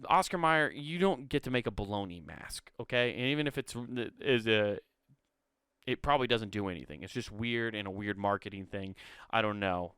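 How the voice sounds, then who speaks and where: A man's voice: lowish voice, expressive, moderate pace, fairly bright tone, smooth, dry recording, studio quality. A man hosting a comedic solo podcast, reading an article aloud and breaking off into irreverent, profane asides.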